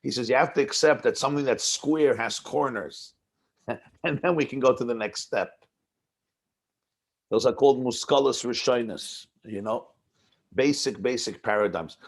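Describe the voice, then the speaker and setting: A man's voice: mid-range voice, normal speed, creaky, pauses often, husky. A man teaching a text-based class as a rabbi, explaining ideas in a conversational way and often repeating words as he builds a point. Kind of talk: text-based lecture on a Hasidic discourse.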